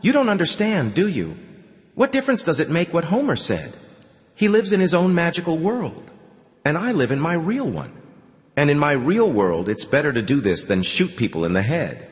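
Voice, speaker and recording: A man's voice: a little high, very animated, moderate pace, big-room sound. A man voicing a blunt, bitter young woman. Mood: defiant. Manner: blunt and bitter, speaking in short plain sentences. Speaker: audiobook narrator. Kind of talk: audiobook dialogue reading.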